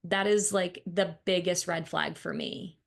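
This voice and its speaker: A woman's voice: on the low side, steady tone, unhurried, vocal fry. A woman co-hosting a podcast who talks with clients as a counselor, giving blunt, opinionated views in casual chat.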